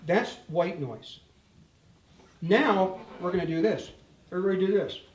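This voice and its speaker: An older man giving a joking, animated guitar demonstration talk, speaking directly to a live audience. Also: high-pitched, measured pace, heavy background noise. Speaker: guitar clinician. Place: store event room with audience. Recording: roomy, distant mic.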